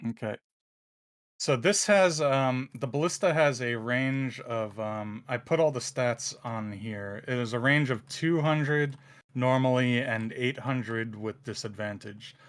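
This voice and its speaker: Man, game master, relaxed, lots of ums, mid-pitched voice. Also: measured pace. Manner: relaxed, filler-heavy narration. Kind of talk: narrating a tabletop game.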